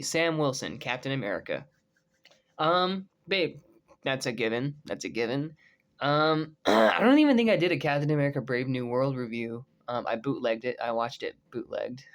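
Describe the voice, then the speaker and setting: A young man giving casual fan commentary on movie casting, excitable and slangy, swearing freely with lots of ums. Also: medium pitch. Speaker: YouTuber reviewing movie casting.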